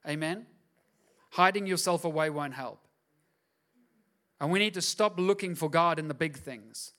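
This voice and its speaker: Male pastor, high voice, emphatic sermon delivery with repeated questions. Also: measured pace, a bit bright.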